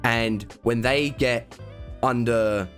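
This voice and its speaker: A young man chatting as an excitable fan, gushing over scenes and drawing out his words at an unhurried pace. His voice sits at an ordinary middle pitch. Faint music plays softly behind him. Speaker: YouTube reaction host ranking films. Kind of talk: casual enthusiastic film review chat.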